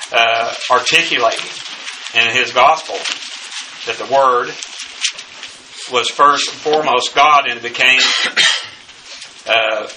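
A man teaching a bible study lecture, working through numbered notes and pausing often on filler sounds. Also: mid-range voice. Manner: halting, many filler uhs. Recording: distant mic with faint background noise.

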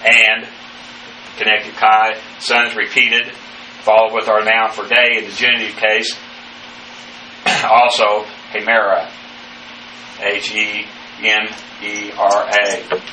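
A man teaching the Bible verse by verse, speaking haltingly with many fillers and spelling out Greek words letter by letter. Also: lowish voice, completely flat delivery, sharp tone. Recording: echoey room, distant mic, faint noise.

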